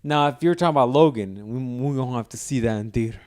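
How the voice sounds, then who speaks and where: Podcast co-host, male, smooth clear voice, dry close mic, laid-back and curious. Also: mid-range voice, fast talker, no room sound. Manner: relaxed, asks follow-up questions, playful slang. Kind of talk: casual chat.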